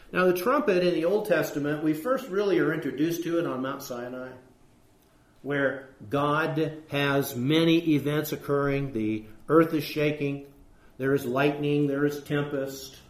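A man preaching an earnest sermon, slowing down to read scripture and asking rhetorical questions. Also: fairly high pitch, echoey room.

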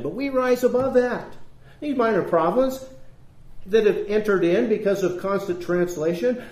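A man's voice: sits high, darkish tone, reverberant, poor audio. A man teaching a church Bible class, earnest and conversational, reasoning aloud with rhetorical questions.

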